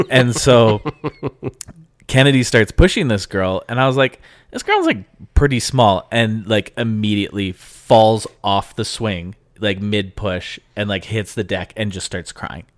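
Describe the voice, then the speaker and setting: Low-voiced man telling a story. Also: no room sound, clean studio sound. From Canada. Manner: animated storytelling, mimics voices in quotes. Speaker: podcast co-host. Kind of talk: casual chat.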